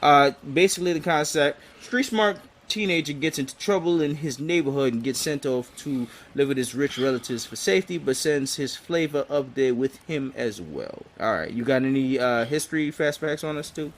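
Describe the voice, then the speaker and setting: A man's voice: mid-range voice, normal speed, few pauses, a little hiss or hum. A man co-hosting a podcast, casually recapping a TV episode in a laid-back, slangy way and laughing often. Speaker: podcast co-host.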